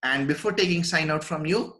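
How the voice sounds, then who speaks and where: A man's voice: on the high side, fairly quick, sharp tone, low-quality recording. A man with an Indian English accent, a teacher in a live online class, reads passages aloud, then explains them with frequent restarts. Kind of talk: live online lesson, reading and explaining a text.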